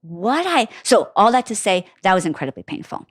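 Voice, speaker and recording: A woman's voice: medium pitch, very animated, a little fast, slightly rough, no room sound, clean studio sound. A woman guest in a casual interview, telling her story candidly and with animation, with many fillers. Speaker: guest author.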